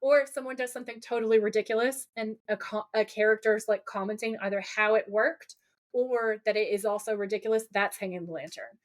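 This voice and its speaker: A woman co-hosting a casual podcast, recapping a TV episode in an animated, profane way and dropping into a gruff low voice for quoted lines. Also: brisk. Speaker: podcast co-host.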